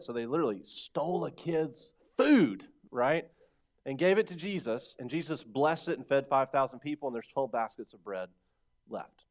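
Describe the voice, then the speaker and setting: A man preaching a sermon in a conversational way, acting out little bits of dialogue. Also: on the high side. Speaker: pastor.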